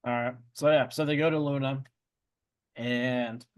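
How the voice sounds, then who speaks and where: A man co-hosting a podcast, retelling a book's plot in an animated, swearing, jokey way. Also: mid-range voice, a little slow, clear, resonant tone. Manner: animated storytelling, swears, jumps into silly voices. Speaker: podcast co-host. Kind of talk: casual book discussion chat.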